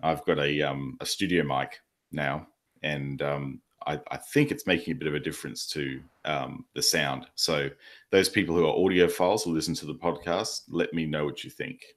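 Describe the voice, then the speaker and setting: Deep-voiced Australian man co-hosting. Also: fairly even intonation, normal speed, a bit bright. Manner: easygoing, joking, many fillers. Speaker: podcast co-host. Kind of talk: casual chat.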